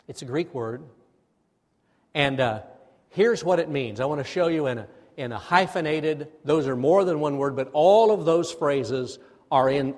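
A male pastor delivers a sermon in a church sanctuary. His voice carries a long hall reverb. He talks in a lively way and has the congregation repeat phrases after him. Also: medium pitch. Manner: animated, leads the congregation in call-and-response.

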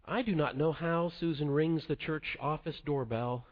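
A man preaching a sermon in a measured, earnest way to a congregation. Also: fairly high pitch. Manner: measured, earnest delivery dropping soft at the close. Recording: dull lo-fi sound.

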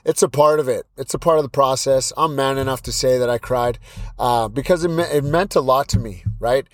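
A man's voice: medium pitch, fairly quick, no echo. A man in his thirties hosting a solo podcast, speaking bluntly as a fighting coach. He repeats himself often and restarts his sentences. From British Columbia, Canada. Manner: blunt, repetitive, pep-talk delivery with many restarts. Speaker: podcast host and Muay Thai coach. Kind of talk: motivational solo podcast talk.

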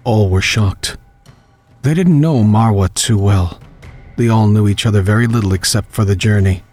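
A man with a fairly low voice tells a horror story in a measured, grave way. He reads steadily from a script. Soft music runs quietly beneath him. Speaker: narrator.

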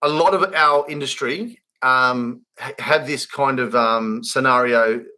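A man's voice: medium pitch, measured pace, bright, forceful tone. A man with an Australian accent hosting a podcast, talking earnestly about his trade business with many restarts and rambling asides. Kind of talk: casual podcast chat.

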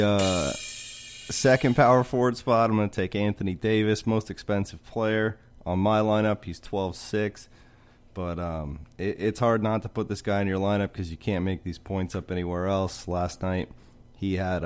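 A man's voice: low voice, normal speed. A man co-hosting a casual sports chat, steadily running through his picks and prices. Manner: steady, methodical, lists players and prices. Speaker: co-host picking fantasy lineups.

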